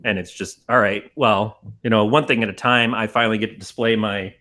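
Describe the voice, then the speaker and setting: A man's voice: on the low side, steady tone, brisk, sharp tone. A man co-hosting a podcast, rambling in casual, profane banter and laughing often. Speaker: podcast co-host.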